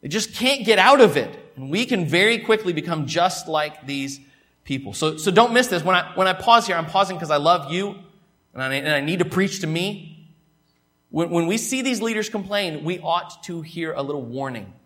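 Male pastor, fairly high voice, emphatic sermon delivery with hushed asides. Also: animated, normal speed. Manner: emphatic, swings from loud to hushed, repeats words. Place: church.

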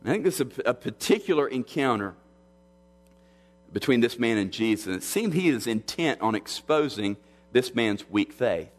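A pastor preaching an expository sermon, measured and earnest, often restarting his phrases. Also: medium pitch, big pitch swings. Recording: long hall reverb.

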